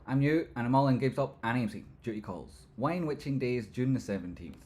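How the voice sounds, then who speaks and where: A man's voice: medium pitch, lively intonation, a little mellow. A man hosting a casual livestream. He jokes and rambles, reading viewer comments aloud and jumping between banter and market talk. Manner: joking, rambling, quick jumps between banter and analysis. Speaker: livestream host.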